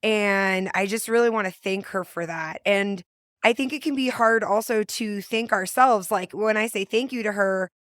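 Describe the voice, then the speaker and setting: A woman's voice: medium pitch, normal speed, a bit bright. Bubbly, effusive woman podcast host. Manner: bubbly and effusive, laughs often. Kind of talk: casual podcast chat.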